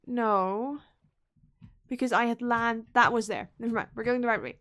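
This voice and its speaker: Her voice is on the high side and a bit bright, her pace moderate, as she streams a game with live commentary. The woman chatters to herself playfully, frequently repeating words and murmuring whispered asides.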